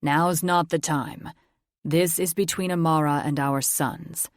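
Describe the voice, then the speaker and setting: A woman voicing a calm, firm werewolf father who keeps the peace. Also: low-pitched, unhurried, no echo, studio quality. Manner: steady, peacekeeping.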